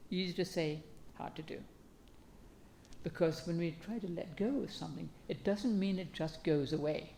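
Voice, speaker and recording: A woman with a low, mellow voice and a gravelly edge, giving a dharma talk. She speaks calmly and gently, taking her time and pausing to reflect. A faint hiss sits under the recording. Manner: calm, gentle, unhurried, with reflective pauses.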